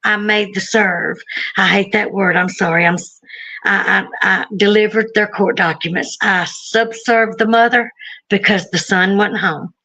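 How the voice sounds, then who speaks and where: A woman's voice: mid-range voice, fairly even intonation, a little slow, pushed and bright, poor audio. A woman from Alabama with a Southern accent, telling her story in a chatty, rambling way with frequent laughs. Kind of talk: casual storytelling on a live stream.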